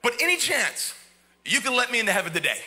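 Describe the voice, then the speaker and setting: A preacher voicing a meek pleading thief. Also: male voice, very high voice, very animated, quick pace, bright, forceful tone, full character voice. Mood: sheepish pleading. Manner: hesitant, apologetic, stammering. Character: repentant male thief on a cross, meek and pleading.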